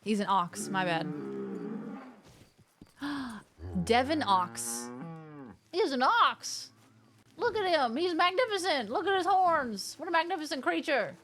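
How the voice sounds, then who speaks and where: A woman's voice: high-pitched, takes it slowly, pauses often, a little hiss or hum. A woman streamer playing a game live, joking and exclaiming at what happens on screen. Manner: animated, jokey, exclaiming at the screen.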